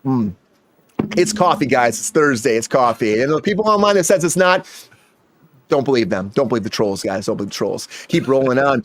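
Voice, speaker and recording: Lively fast-talking male show host. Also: medium pitch, a little hiss or hum. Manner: energetic, hypes up breaking news. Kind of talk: comedy entertainment news chat.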